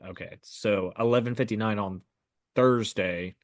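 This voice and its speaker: Young male co-host, relaxed guesser, lowish voice, dry sound. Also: unhurried, dry recording. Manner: laid-back, short replies, guessing answers. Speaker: podcast co-host. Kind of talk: casual podcast chat.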